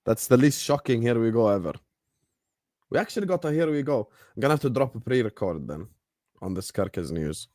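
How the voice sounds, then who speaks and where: A man hosting a football fan livestream, excitable and laughing as he trash-talks rivals and banters with chat. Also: mid-range voice, fairly quick, no room sound, clean studio sound.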